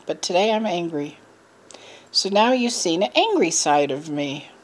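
A middle-aged woman vlogging to her viewers in a rambling, frustrated, venting way, with a low voice. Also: expressive, a little slow. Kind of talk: casual chat to camera.

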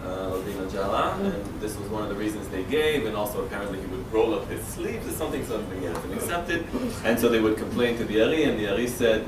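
A man's voice: lowish voice, lively intonation, fast, few pauses. A man in the audience telling a story, hesitant with fillers. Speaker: participant adding a comment. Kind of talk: telling an anecdote. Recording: echoey room, far mic, noise.

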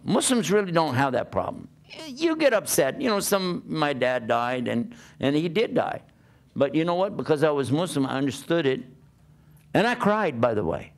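An Islamic preacher with a medium-pitched, creaky voice gives a conversational sermon, posing rhetorical questions to his listeners as he goes.

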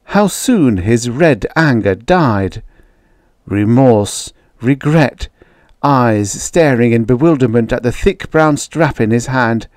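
A man narrates a dark old science fiction tale slowly and dramatically. His pitch swings freely as he dwells on each phrase. The recording is close and dry, with no room echo. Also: animated. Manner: slow, dramatic, musing first-person delivery. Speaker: audiobook reader. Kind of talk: scripted audiobook narration.

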